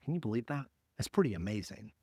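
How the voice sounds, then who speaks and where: A male pastor preaching a sermon in a conversational, emphatic way, swinging between loud peaks and hushed, quiet drops. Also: on the low side, big pitch swings, quick pace, creaky, no room sound, studio quality.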